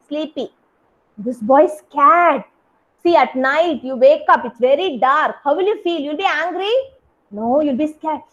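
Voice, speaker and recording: High-voiced animated kindergarten teacher. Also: female voice. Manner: animated, sing-song, exaggerated for small children. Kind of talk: online class teaching. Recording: dull lo-fi video call audio.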